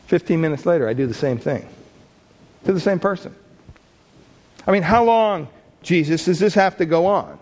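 A man preaching a sermon with a somewhat high voice. He talks in a conversational way, asking questions straight to the congregation. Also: expressive, normal speed, pauses often, a little mellow. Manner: conversational, asks the listeners questions. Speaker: pastor.

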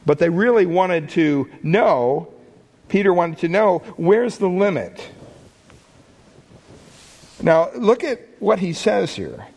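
A man preaching a sermon with a somewhat high voice. He talks in a conversational way, asking questions straight to the congregation. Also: big pitch swings, slow pace, vocal fry, long pauses, a little mellow, husky. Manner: conversational, asks the listeners questions. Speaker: pastor.

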